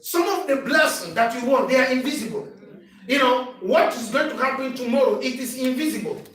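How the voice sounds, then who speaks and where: A man preaching a sermon as bishop, calling for responses from the congregation and rising to shouts. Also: extremely high pitch, brisk. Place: church hall. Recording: echoey church sound from far off.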